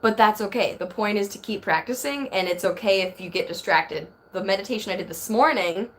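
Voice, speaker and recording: Talking fairly quickly in a medium-pitched voice, a woman in her thirties hosts a relaxed phone livestream. She wanders from topic to topic and reads viewer comments aloud.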